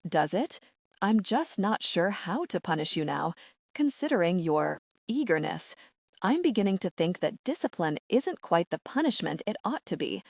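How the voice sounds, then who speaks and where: A woman voicing a confident, commanding male billionaire lover who speaks low, slow and controlled. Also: big pitch swings, vocal fry, slightly rough, no echo, studio quality, full character voice. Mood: teasing.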